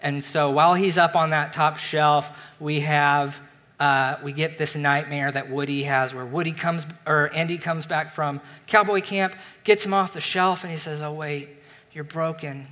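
A pastor giving a sermon, retelling a film plot in a relaxed, conversational way. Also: male voice, on the high side, moderate pace. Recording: long reverb of a large hall.

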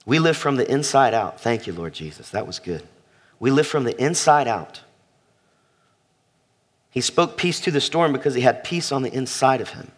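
A man's voice: medium pitch, lively intonation, normal speed, pauses often. A man preaching a sermon as pastor, emphatic, repeating phrases and asking the congregation questions. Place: church sanctuary.

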